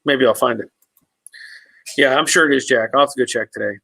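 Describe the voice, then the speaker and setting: A man's voice: mid-range voice, a little fast, creaky, pushed and bright, no echo, rough recording. A man hosting a casual live stream, answering viewers' comments in an easygoing, rambling way with many fillers and restarts.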